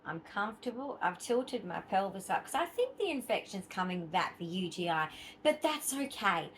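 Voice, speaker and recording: Australian woman vlogger, mid-pitched voice, rambling and chatty, lots of ums. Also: sing-song, moderate pace, a little hiss or hum, low-quality recording. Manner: chatty, rambling, with frequent fillers and asides. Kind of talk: casual chat to camera.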